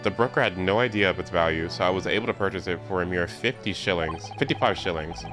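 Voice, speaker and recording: A man voicing a gloomy, eccentric male detective, reading the game lines slowly and dramatically in a lowered voice. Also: over music, natural voice. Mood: grandiose. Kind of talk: live reading of game dialogue.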